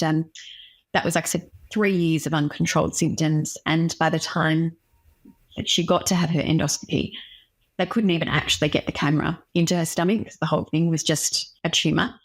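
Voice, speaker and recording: A young woman, a doctor speaking as a guest in an interview, telling a personal story frankly and with emotion. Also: sits low. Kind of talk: candid interview conversation.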